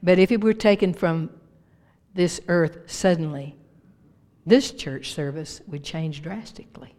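A woman pastor preaching a sermon to her church with emphatic swings in pitch and volume. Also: measured pace. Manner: emphatic preaching with big rises and drops in pitch and loudness. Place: church sanctuary. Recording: long reverb of a church hall.

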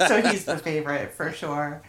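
A woman's voice: low-pitched, moderate pace, fairly bright tone, roomy sound. A middle-aged woman hosting a podcast in casual chat, laughing often and swearing freely. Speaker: podcast host.

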